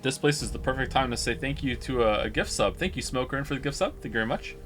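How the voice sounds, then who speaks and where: A male streamer talks casually over a story game, reacting wryly as he goes. His voice sits at an ordinary pitch, and game music plays faintly behind him. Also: quick pace. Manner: wry, reactive. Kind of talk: casual gaming commentary.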